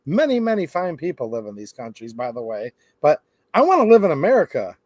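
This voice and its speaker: Dry, close-miked commentary host. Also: male voice, a little high, fairly quick, dry recording. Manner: animated, sarcastic asides, acts out quoted people. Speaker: gun-rights channel host. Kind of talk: opinionated commentary.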